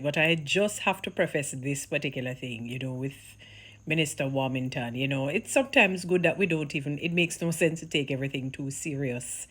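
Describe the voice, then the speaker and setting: Woman, Jamaican accent, casual vlog commentary, low-pitched voice, animated, patois slang. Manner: animated, mixes Patois into chat, laughs often. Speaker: vlogger.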